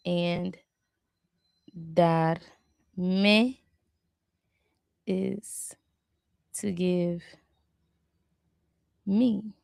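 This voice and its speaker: A woman's voice: on the low side, fairly even intonation, very slow, creaky, long pauses, a little mellow, dry recording, studio quality. A woman hosting a live stream where she studies a language aloud, chatting casually, repeating words and correcting herself as she goes. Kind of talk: casual live study session.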